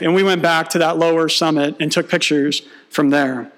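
Guy pastor preaching, kinda high voice, jokes around and plays out little dialogues. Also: fast talker, hardly any pauses, fairly bright tone. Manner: storytelling, humorous asides, acts out dialogue. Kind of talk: sermon.

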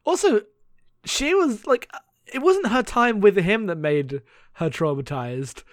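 A man's voice: high-pitched, animated, takes it slowly, no echo, clean studio sound. A man co-hosting a podcast in casual comedic chat, sarcastic and often laughing. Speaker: podcast co-host.

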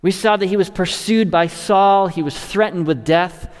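A man preaching an expository sermon, earnest, pushing up to stress key words and sinking low at the end of each thought. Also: moderate pace, long reverb tail. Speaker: pastor.

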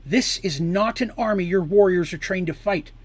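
A man's voice: a little high, fairly quick, slightly rough, no echo. A man voicing a fierce, commanding woman who is a queen and priestess, speaking with force.

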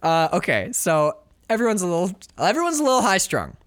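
A man's voice: high-pitched, huge pitch swings, a little fast, a bit bright, dry recording. A man co-hosting a casual movie recap podcast, acting out lines from the film in silly voices. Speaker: podcast co-host.

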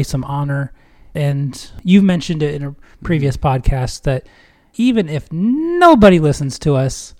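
A man's voice: on the high side, a little mellow. Upbeat, stumbling man co-hosting a podcast. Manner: upbeat, stumbling, laughs easily. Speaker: podcast co-host. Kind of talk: casual faith podcast chat.

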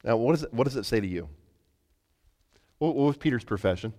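A male preacher delivers a sermon in a lively storytelling manner. He often trips over his openings and repeats a word before he goes on. His mid-pitched voice rings with the long reverb of a large hall. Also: fairly quick. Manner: animated storytelling with frequent stammered restarts.

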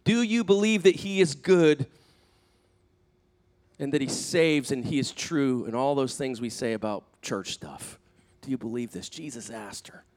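A man preaching a sermon as pastor, animated and conversational, acting out quoted speakers, swinging between loud emphatic peaks and soft, hushed asides. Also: mid-range voice. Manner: conversational, with fillers and restarts.

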